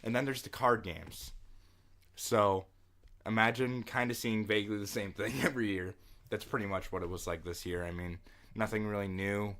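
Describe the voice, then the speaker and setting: A young man co-hosting a casual podcast, telling stories in an animated way, swearing and laughing often. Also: on the low side, normal speed. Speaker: podcast co-host.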